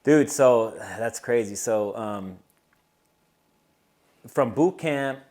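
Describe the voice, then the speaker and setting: A man hosting a casual interview, relaxed, with short affirmations and some swearing. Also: mid-range voice, very slow. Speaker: podcast host.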